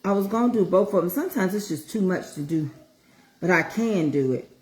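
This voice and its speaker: Frying sizzles in an echoey home kitchen as a middle-aged woman vlogger livestreams while cooking. Her lowish, a little mellow voice has lively intonation and a fairly quick pace, and her casual chat is folksy and motivational.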